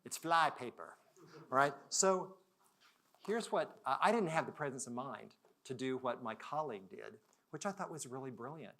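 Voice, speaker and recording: A man speaks at a corporate summit in a mid-range voice, telling personal stories in a relaxed, conversational way. He drops to near-quiet for reflective moments, then rises loudly for emphasis. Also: mid-range voice, normal speed. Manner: conversational, dramatic swings between soft and loud. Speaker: conference speaker. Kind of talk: storytelling keynote talk. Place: virtual summit talk.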